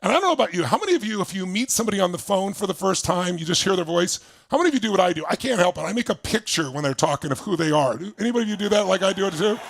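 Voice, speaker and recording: Gravelly high-voiced older man. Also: racing, few pauses. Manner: animated, asks the audience questions, laughs often. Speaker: motivational speaker. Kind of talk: storytelling seminar talk.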